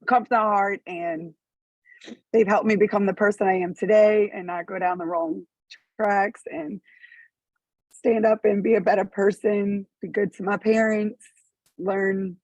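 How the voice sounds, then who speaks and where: A woman's voice: mid-range voice, a little mellow, dry recording, poor audio. Earnest woman speaking up for family. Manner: earnest, tearful at times, laughs nervously. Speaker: supporter speaking at a parole hearing. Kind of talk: emotional personal statement. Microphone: remote call on a phone.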